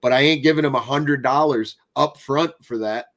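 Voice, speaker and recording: A man's voice: mid-range voice, moderate pace. Casual male gaming podcast host. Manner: relaxed, rambling with restarts.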